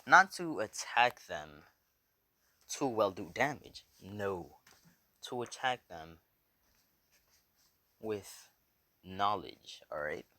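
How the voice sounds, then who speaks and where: Male fan storyteller: offhand, rambling, slightly low pitch. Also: big pitch swings, drawn-out words, long pauses, bright, forceful tone, no echo. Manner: rambling, loose, swears, lots of "so yeah". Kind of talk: casual fan story narration.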